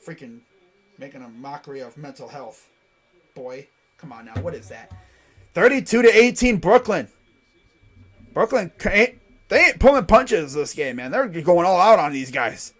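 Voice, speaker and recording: Calling a basketball game live on stream, a man with a voice on the high side mixes excited rapid-fire play-by-play with loose, joking tangents.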